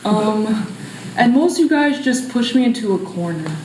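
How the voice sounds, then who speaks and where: A woman on stage voicing a gloomy, sulky female personification of depression who speaks slowly and flatly. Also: a little high, echoey room, slight background noise, poor audio. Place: small theatre stage, indoors.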